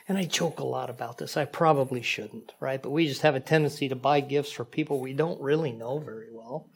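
A man preaching a sermon in a conversational, animated way, with frequent asides to the congregation. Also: on the high side. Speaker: pastor.

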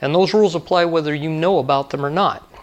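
A man's voice: on the high side, fast talker. A male pastor preaching a sermon in a conversational way, repeating key lines for emphasis.

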